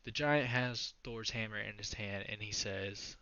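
A man's voice: on the low side, measured pace, pushed and bright. A man casually retelling an old myth to a friend in a loose, profane way that corrects itself as it goes. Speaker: podcast co-host retelling a myth. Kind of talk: casual storytelling chat. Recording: dull lo-fi, dry sound.

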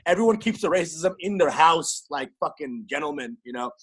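A male comedian from Texas in casual chat, brash and profane, talking in fast bursts. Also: a little high, expressive, a bit bright, slightly rough. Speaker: comedian, guest.

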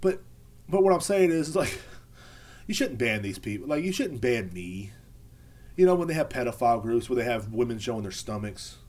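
A man's voice: mid-range voice, lively intonation, normal speed, a little mellow. A man hosting his own podcast, ranting casually in a rambling, profane way full of fillers. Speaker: podcast host. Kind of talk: casual rant.

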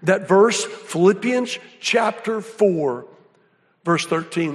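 A man preaching a sermon with a high-pitched voice, telling folksy stories with lots of animation. His voice rings with the long reverb of a large hall. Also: slow. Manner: animated storytelling, folksy, drops to hushed awe. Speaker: guest speaker.

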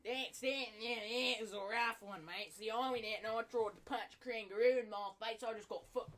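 Young man doing a rough aussie bloke bit, bright jokey drawl, put-on australian accent. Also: high voice, fairly even intonation, a little fast. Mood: boasting. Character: rough Australian bloke telling a tall tale.

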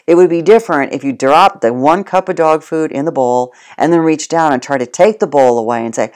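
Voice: mid-range voice, brisk, hardly any pauses, a little mellow. Plain-spoken dog trainer explaining. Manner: plain-spoken, repeats and restarts, addresses the listener directly. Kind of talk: casual spoken instruction.

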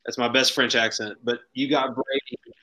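A man's voice: medium pitch, fairly even intonation, normal speed, pushed and bright, low-quality recording. A man co-hosting a sports podcast, chatting casually in an easygoing, joking way. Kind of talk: casual chat.

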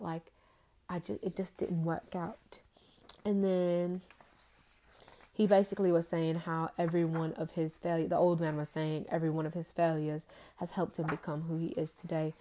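Young woman for a casual faith vlog: heartfelt, rambling, low and mellow. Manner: earnest, rambling, full of "like" fillers.

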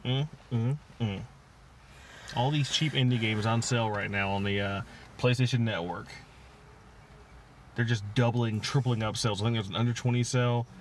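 A man's voice: medium pitch, fairly even intonation, moderate pace, long pauses. A man co-hosting a casual podcast, rambling and self-mocking, often trailing off mid-thought. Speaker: podcast co-host. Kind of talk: casual chat. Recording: lo-fi podcast with faint hiss.

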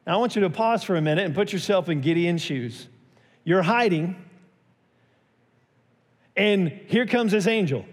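Guy pastor preaching, voice a bit high, echo rolling round a big church. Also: expressive, moderate pace, pauses often, breathy edge. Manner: storytelling, acts out quotes in a raised voice. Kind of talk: sermon.

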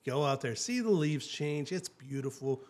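A man's voice: medium pitch, expressive, normal speed, darkish tone. An upbeat man hosting a travel talk show, speaking in a casual and chatty way. He often repeats and restarts his phrases as he tells his story. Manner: enthusiastic, chatty, many fillers and restarts.

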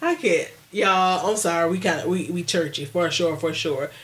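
A woman co-hosting a casual podcast, chatting in a playful, animated way and laughing often. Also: lowish voice, moderate pace. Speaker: podcast co-host. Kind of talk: casual chat.

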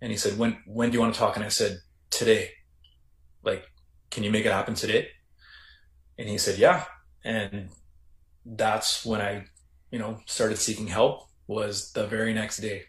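A Canadian man, a former correctional officer, recounting his story in a reflective, halting way with many restarts. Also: fairly low pitch, flat delivery, a bit bright. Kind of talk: casual storytelling interview. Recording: roomy echo.

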